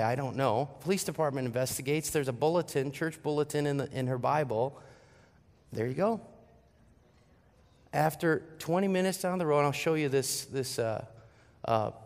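A middle-aged man, a pastor, preaching a sermon and telling a family story with animated quoted voices. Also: on the high side, vocal fry. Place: church sanctuary. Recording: long reverb of a church hall.

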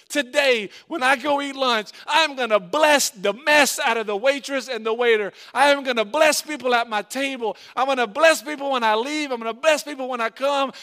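A man's voice: very high voice, bright, forceful tone. A male pastor, preaching a sermon with an impassioned, repetitive cadence.

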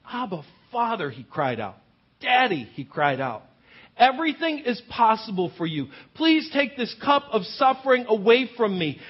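High-voiced male pastor, dull lo-fi sound. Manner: casual, joking asides to the congregation. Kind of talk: conversational sermon.

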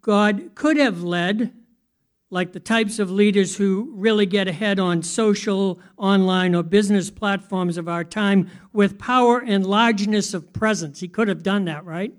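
Speaking in a high-pitched voice at a slightly slow pace, a male pastor delivers his sermon conversationally and keeps asking his listeners questions.

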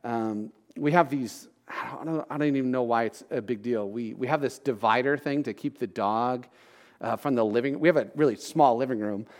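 A man's voice: mid-range voice, normal speed, in a large hall. A man in his thirties preaching a sermon in a conversational, joking way, often asking his listeners questions. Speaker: pastor.

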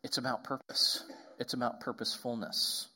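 A man preaching a sermon as pastor, talking conversationally with asides and restarts, and slowing right down on key phrases. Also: mid-range voice, level tone, pushed and bright, slightly rough.

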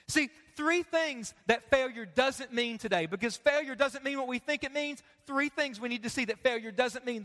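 A male pastor preaching a sermon, animated and humorous, swinging between loud bursts and hushed lines. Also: very high-pitched. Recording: long hall reverb.

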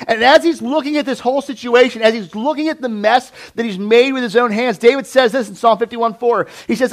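Speaking a little fast with hardly any pauses, this male pastor preaches in a conversational style. He acts out the voices of biblical figures and frequently sinks into a low, hushed tone.

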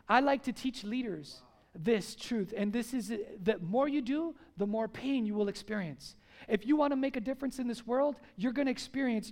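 A man's voice: very high-pitched, gravelly. A man preaching a sermon to his church congregation, speaking emphatically and repeating his key lines. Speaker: pastor. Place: church service before a congregation.

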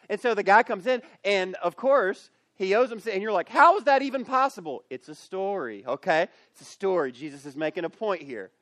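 A man with a notably high voice delivers a youth camp sermon as pastor. He tells the story with energy and slips into character voices. The sound is close and dry. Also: no room sound. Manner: animated, acts out characters in the story. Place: camp meeting space.

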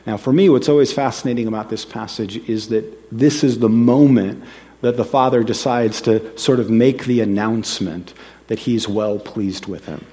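A man preaching a sermon in a church, telling stories in a relaxed conversational way and acting out quoted voices. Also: lowish voice, moderate pace. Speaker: pastor. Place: church sanctuary. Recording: long hall reverb.

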